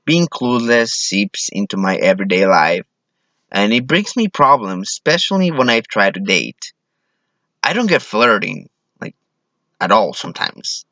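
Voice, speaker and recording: A man's voice: lowish voice, big pitch swings, a little slow, a bit bright, dry recording. A man from Mexico telling a self-deprecating personal story on stage, acting out what people said. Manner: self-deprecating, acts out quoted voices. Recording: dull, lo-fi sound.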